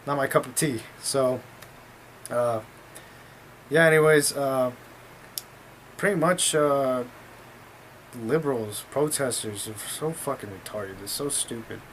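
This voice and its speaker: A man's voice: mid-range voice, slow, pauses often, fairly bright tone, a little hiss or hum. A man telling a story in a casual vlog, talking in a blunt, profane, rambling way.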